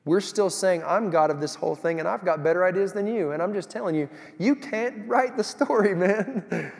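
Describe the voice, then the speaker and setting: A man preaches, his voice sitting a little high. He tells his stories with energy, swinging from loud bursts to hushed asides. The sound carries a long reverb of a big hall. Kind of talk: sermon.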